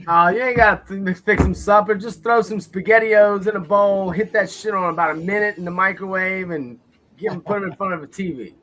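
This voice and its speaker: A man's voice: high-pitched, fairly quick, sharp tone, a little hiss or hum. A man co-hosting a live sports watch party stream, loose and joking as he chats with viewers. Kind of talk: casual live-stream chat.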